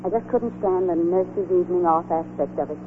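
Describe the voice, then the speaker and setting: An actress playing a gentle, wry young English volunteer nurse in an old radio play, speaking softly and earnestly. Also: female voice, on the low side, a little fast, natural voice. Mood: tender. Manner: soft, earnest, wistful. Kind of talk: 1940s radio acting. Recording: tinny old radio broadcast with hiss.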